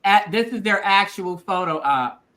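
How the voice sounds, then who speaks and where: A woman's voice: medium pitch, expressive, unhurried, a bit bright. A woman hosting a casual live-stream chat, talking loosely and freestyling with frequent laughs. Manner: chatty, freestyling, laughs often. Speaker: host.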